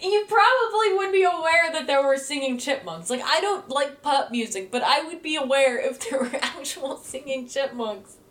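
A woman co-hosting a casual movie review podcast, talking in an animated, incredulous way with many "like" fillers. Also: high voice, moderate pace. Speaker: podcast co-host.

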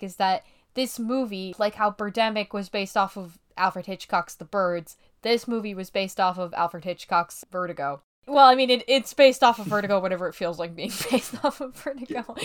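Young female co-host, bright and wry, casual podcast delivery. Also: medium pitch, smooth. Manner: wry, chatty, laughs often. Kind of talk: casual movie chat.

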